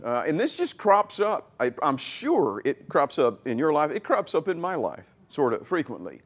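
A man's voice: on the high side, wildly swooping pitch, moderate pace, husky. A middle-aged male pastor giving a conversational, folksy sermon. He often repeats words and restarts his sentences.

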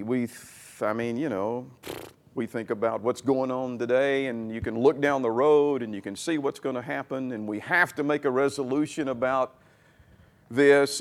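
Gravelly-voiced man preaching a folksy sermon. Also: mid-range voice. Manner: folksy, repeats words and restarts while he talks. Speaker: pastor. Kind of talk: conversational sermon.

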